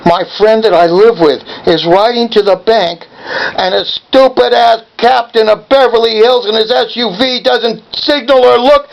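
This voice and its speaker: A man's voice: extremely high pitch, measured pace, vocal fry, highs cut off. Angry older man ranting on a call. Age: 70s. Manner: confrontational, badgering, ranting. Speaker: caller.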